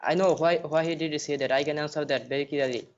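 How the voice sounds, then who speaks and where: Stammering man, smooth voice on dull audio. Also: a little high, steady tone, quick pace. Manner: hesitant, stammering, defensive. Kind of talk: heated live debate.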